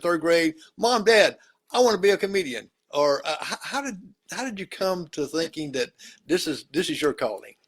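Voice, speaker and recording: Stammering country host. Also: male voice, on the high side. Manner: halting, stammering, with many restarts and fillers. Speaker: talk show host. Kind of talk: casual interview chat.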